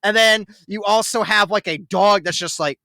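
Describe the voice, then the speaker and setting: A man co-hosting a casual podcast review, excitable, swearing a lot and laughing often. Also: high voice, normal speed, no echo. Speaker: podcast co-host.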